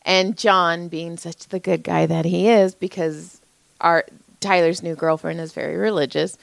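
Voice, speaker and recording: Animated swearing woman telling stories. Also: a little slow, gravelly, dry recording. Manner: animated, swears freely, jumps pitch up for quoted voices. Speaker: podcast co-host. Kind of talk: casual storytelling chat.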